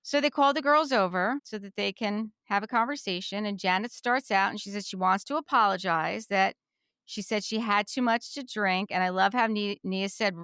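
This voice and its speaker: A woman co-host from New Jersey talks through a reality-show episode in an easygoing, repetitive way. Her voice is smooth and clear, and the dry, close recording adds no room sound. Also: mid-range voice, normal speed, no room sound. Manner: chatty, repeats herself, animated retelling. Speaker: podcast co-host. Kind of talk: casual chat recapping a reality show.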